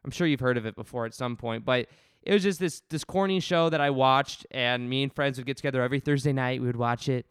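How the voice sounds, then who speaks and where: Animated young man, smooth clear voice. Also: mid-range voice, fast, no room sound, clean studio sound. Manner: animated storytelling, many restarts and asides. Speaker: YouTube self-help creator. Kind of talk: casual to-camera talk.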